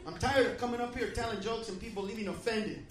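A man from the United States doing a profane stand-up comedy set, shouting rants at the audience. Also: high-pitched, fast. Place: comedy club stage. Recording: roomy club recording from off-mic with crowd and noise. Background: audience laughter.

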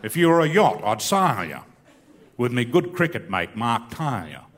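A middle-aged Australian comedian tells his story in a rambling, laconic way, his pitch rising and falling freely. He recites comic bush poetry for laughs. His voice rings out with a long hall reverb. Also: big pitch swings, moderate pace, a bit bright, slight background noise. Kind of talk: stand-up comedy with recited poem.

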